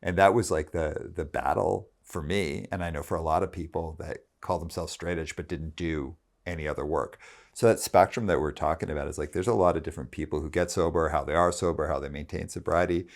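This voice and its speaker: A male podcast host with a very low voice and a gravelly edge. He talks in a loose, rambling conversational way and circles back over his own words. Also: steady tone, brisk. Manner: rambling, heavy use of "like" and restarts.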